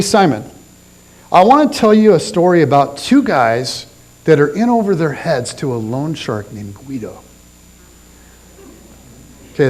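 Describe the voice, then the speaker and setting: A man preaching a sermon as a pastor, telling a story with animated delivery and dropping low and soft for quoted lines. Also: rough recording. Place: church.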